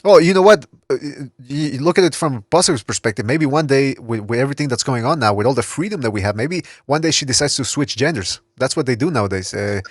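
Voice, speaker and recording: A man's voice: medium pitch, expressive, fast, hardly any pauses, no echo. A male podcast host speaking in a mid-range voice, recorded dry and close with no room sound. He is blunt and swears freely, breaking into laughter between rants. The delivery stays loose and conversational. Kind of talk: casual podcast chat.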